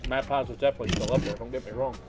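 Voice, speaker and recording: A man's voice: medium pitch, fairly even intonation, very fast, over loud music. A young man from Birmingham, Alabama, casually co-hosting a podcast and telling joking stories. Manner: joking, laid-back storytelling. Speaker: podcast co-host. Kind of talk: casual chat.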